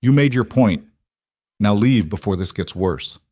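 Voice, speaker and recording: A quietly tough cowboy speaks in a calm, level way, as a male narrator reads him. The voice is low and even, and the recording is close and dry. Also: measured pace, dry recording.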